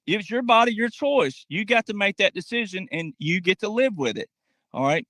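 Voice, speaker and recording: A man's voice: high voice, big pitch swings, a little fast, fairly bright tone, no room sound. A man delivering a political commentary monologue, emphatic and talking straight to his audience, acting out quotes in mocking voices. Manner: emphatic, addresses audience directly.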